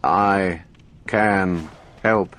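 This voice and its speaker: Man doing a slow flat-voiced talking robot. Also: exaggerated voice. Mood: flat mechanical. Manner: booming, flat, without intonation. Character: huge immobile male talking robot, mechanical.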